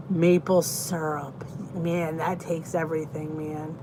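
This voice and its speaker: A woman talks slowly and chattily on a live stream. She greets viewers by name and stretches out her exclamations. A faint hum sits behind her voice. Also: medium pitch, expressive. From Philadelphia, Pennsylvania. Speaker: host of a live chat stream. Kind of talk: casual live-stream chat reading comments.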